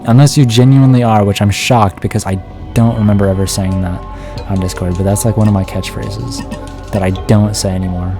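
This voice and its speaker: A man's voice: on the low side, fairly quick, music in the background. A tired man streaming a horror game, rambling and self-mocking as he talks to his chat while keeping his voice down late at night. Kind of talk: casual live-stream commentary.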